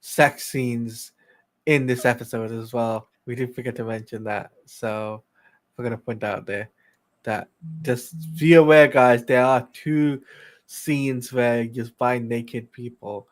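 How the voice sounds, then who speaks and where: Plain-spoken man, halting. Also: mid-range voice, fairly even intonation. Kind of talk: casual chat.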